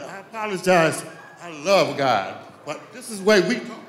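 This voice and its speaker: A man's voice: high voice, expressive, normal speed, fairly bright tone. A man giving a rambling, heartfelt eulogy at a funeral, repeating himself and apologizing as he goes. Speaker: family friend giving a eulogy. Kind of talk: emotional spoken tribute. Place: church. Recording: echoey church sanctuary.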